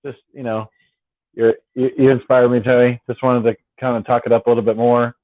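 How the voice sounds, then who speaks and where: A man's voice: mid-range voice, flat delivery, brisk, no echo. A man hosting a casual late-night fan live stream, rambling and repeating his words as he talks. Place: at home on the West Coast. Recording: dry, tinny phone-like sound.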